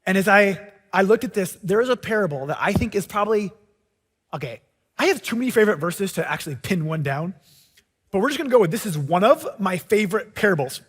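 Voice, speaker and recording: High-voiced pastor preaching in a reverberant hall. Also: male voice, fast talker, husky. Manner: animated storytelling, acting out characters' lines. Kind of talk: sermon.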